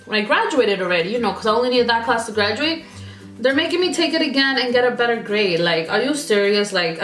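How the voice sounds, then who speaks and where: A woman's voice: mid-range voice, a bit bright, reverberant. A young woman vlogger venting in a casual, rambling chat while she does her makeup, full of "like" fillers and exasperated asides. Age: young adult. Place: indoor room at home. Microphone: camera mic.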